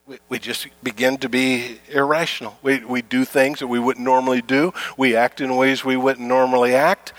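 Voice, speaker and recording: A middle-aged pastor delivers a conversational sermon to his congregation, repeating key phrases and acting out everyday complaints. His voice is medium-pitched and a bit bright, with no room sound.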